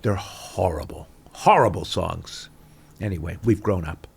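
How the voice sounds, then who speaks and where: A man, a guest actor telling stories in an animated interview chat, swinging between loud bursts and mutters. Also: sits low, measured pace, vocal fry, husky.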